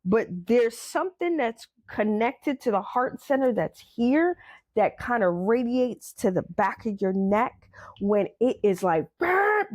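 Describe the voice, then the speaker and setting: A woman's voice: a little high, a little mellow. A woman hosting a podcast, giving a blunt, emphatic motivational monologue, repeating her points and swearing casually. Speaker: podcast host.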